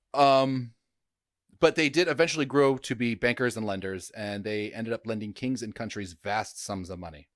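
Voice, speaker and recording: Male podcast host, mid pitch, dry close-mic sound, chatty and joking, trips on names. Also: a little slow, no echo. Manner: chatty, jokey, stumbles over names with frequent fillers. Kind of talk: casual history podcast chat.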